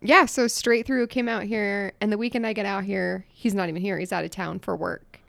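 Brief: woman guest, gravelly fry, lively pitch, dry close sound. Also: a little fast, no room sound. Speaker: podcast guest. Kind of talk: casual interview chat.

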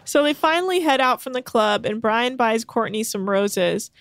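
Lively young woman recapping a show. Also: on the high side, normal speed, smooth, no room sound, studio quality. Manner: animated storytelling with quoted voices. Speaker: podcast co-host recapping a show. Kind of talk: casual chat.

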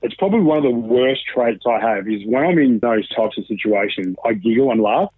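A man's voice: mid-range voice, brisk, slightly rough. Australian man, swearing, tinny phone line. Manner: candid, swears freely, animated retelling. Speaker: guest. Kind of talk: casual interview storytelling.

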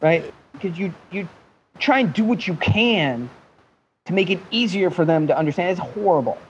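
High-ish voiced guy telling a funny pitch story, swears a lot, muffled lo-fi sound. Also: moderate pace, a little hiss or hum. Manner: animated, joking, profane, jumps between mimicked accents. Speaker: guest. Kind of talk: animated storytelling in a podcast interview.

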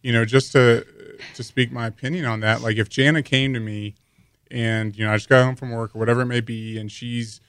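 A man's voice: medium pitch, steady tone, a little fast, a bit bright, clear, resonant tone, no room sound. Earnest rambling man, dry sound. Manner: earnest, rambling, many fillers. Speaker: podcast co-host. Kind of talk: casual conversation.

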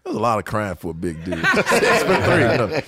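An older man, a guest musician, telling anecdotes from his career in an animated way, often laughing and acting out other people's words. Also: lowish voice, a little fast, slight background noise. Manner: animated storyteller who acts out quotes and laughs often. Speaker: guest musician, guitarist and songwriter. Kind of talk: storytelling interview anecdotes.

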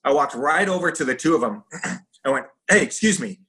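Man, middle-aged, bright forceful voice, lively storyteller, acts out quoted voices. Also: a little high, normal speed. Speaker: guest, former pro fighter. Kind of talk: casual storytelling.

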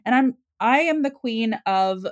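A woman's voice: on the high side, animated, measured pace. A woman guest on a podcast, chatting in an emphatic, playful way. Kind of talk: casual chat.

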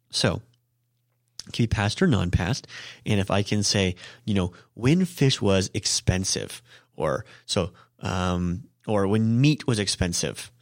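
A man with a fairly low voice teaches in a loose, off-the-cuff way, full of ums and quick self-corrections. He slows right down whenever he spells out an example phrase. The sound is dry and close, with no room around it. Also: no room sound. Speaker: Japanese language teacher and podcast host. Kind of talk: casual spoken lesson.

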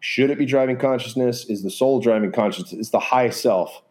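Man, podcast guest, mellow warm tone, earnest, rambling, filler-heavy. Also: mid-range voice, a little fast. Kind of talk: casual reflective conversation.

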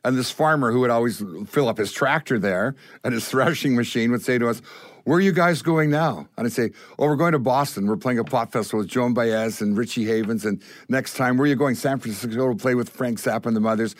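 An older Canadian man, a guest musician, telling stories in an animated way and acting out the voices of the people in them. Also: medium pitch, fast, few pauses, no room sound. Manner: acts out voices in his stories. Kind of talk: animated storytelling.

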